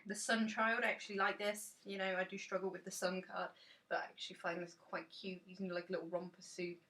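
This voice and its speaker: A woman's voice: fairly low pitch, little pitch movement, fast, bright, forceful tone, recorded from a distance. A woman chatting enthusiastically and rambling casually about a tarot deck in a dim room.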